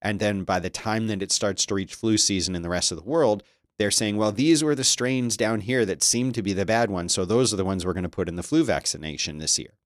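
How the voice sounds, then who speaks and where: A man giving casual commentary as a streamer, reading news aloud with sarcastic, animated remarks and frequent laughter. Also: on the low side, fairly quick, no room sound, studio quality.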